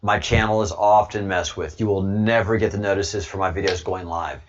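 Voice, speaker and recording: Low-ish guy talking slow to his chat, keeps repeating words n chuckling, muffled stream audio. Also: steady tone, a little hiss or hum. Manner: rambling, stammers and repeats words, chuckles often. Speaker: livestream host reading chat. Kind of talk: casual livestream chat.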